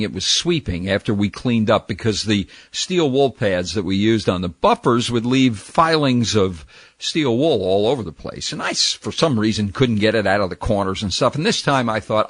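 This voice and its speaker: An older man from New Jersey, recalling old jobs in a lively storytelling way and acting out the people in them. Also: fairly low pitch, no echo, clean studio sound. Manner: lively, acts out the people in his stories.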